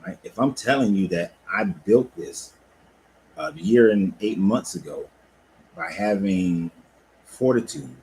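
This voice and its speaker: A low-pitched man chats loosely and profanely from his cigar lounge, laid-back but animated. A faint hum of background noise sits under his voice. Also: slow pace, poor audio. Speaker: life coach and cigar lounge owner. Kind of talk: casual livestream talk.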